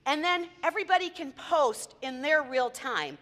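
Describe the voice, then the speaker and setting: Female speaker, high and bright, chatty talk to a meeting crowd, hall reverb. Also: lively intonation, normal speed. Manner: chatty, quizzes the audience, tells anecdotes. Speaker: event planner giving a talk. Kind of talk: lively presentation to a live audience. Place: meeting room with audience.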